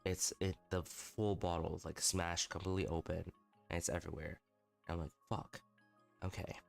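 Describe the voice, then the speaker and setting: A man's voice: deep voice, little pitch movement, brisk, vocal fry, faint music behind. A young man livestreaming, telling a candid night-out story with lots of swearing and self-mocking. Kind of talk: casual storytelling stream.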